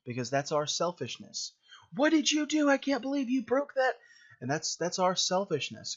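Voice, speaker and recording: Man, preacher, sermon, conversational, filler words, middle pitch, muffled lo-fi sound.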